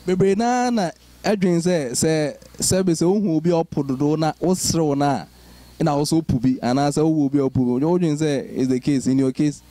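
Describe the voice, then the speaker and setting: A man's voice: a little high, fairly quick, mellow, no room sound. A man interviewing a guest, asking questions in Twi mixed with English. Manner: asks questions, code-switching between Twi and English.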